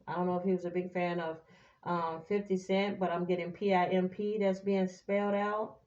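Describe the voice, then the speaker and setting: A woman's voice: on the low side, level tone, fairly quick, darkish tone, echoey room, muffled recording. Sassy, chatty woman doing a tarot reading. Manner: chatty, sassy, breaks into snatches of song. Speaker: tarot reader. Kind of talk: casual tarot reading to viewers.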